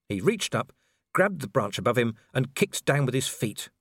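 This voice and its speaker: A man's voice: medium pitch, very animated, normal speed, gravelly, slightly rough, no room sound. Man reading an audiobook, dramatic, voice rises and falls a lot, dry close sound. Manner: dramatic storytelling with character voices. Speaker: audiobook narrator. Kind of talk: scripted narration.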